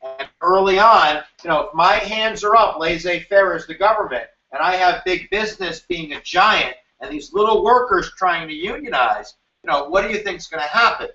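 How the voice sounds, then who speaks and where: A man giving an animated, jokey history review lecture as a teacher, acting out quoted voices now and then. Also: high voice, moderate pace. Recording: roomy, distant, dull sound.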